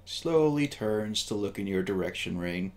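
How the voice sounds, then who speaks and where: Low-voiced man narrating as game master. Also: animated. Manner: slow, hushed eerie descriptions.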